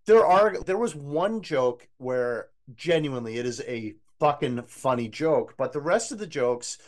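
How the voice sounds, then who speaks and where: A man co-hosting a podcast, reviewing an eighties movie in casual chat, opinionated and animated. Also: medium pitch, unhurried. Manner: animated, opinionated, quotes scenes in a put-on voice. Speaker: podcast co-host.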